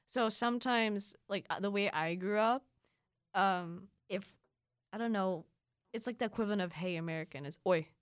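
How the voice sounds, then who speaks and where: A woman's voice: mid-range voice, clear, resonant tone, dry recording, clean studio sound. A young woman from the Philippines whose first language is Filipino, chatting casually and playfully as a guest. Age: young adult. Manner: chatty, quick asides and playful voices. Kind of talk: casual chat.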